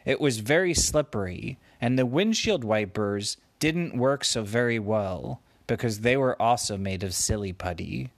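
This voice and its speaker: A man spins an improvised bedtime story slowly and playfully, his voice rising and falling with plenty of movement. He wanders from one silly detail to the next. The sound is close and dry. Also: mid-range voice, animated, gravelly, no room sound. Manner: meandering, gently playful.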